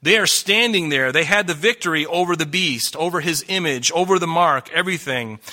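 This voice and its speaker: Earnest, pleading middle-aged male preacher, tense bright tone, slightly raised pitch. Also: fairly quick. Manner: earnest, pleading, rising emphasis. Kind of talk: sermon.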